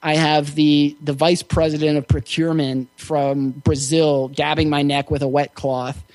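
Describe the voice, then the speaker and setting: Male interview guest, fairly high voice, easygoing and reflective storyteller, close dry recording. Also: level tone, unhurried, darkish tone, no room sound. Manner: reflective, easygoing, with frequent fillers. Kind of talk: casual storytelling.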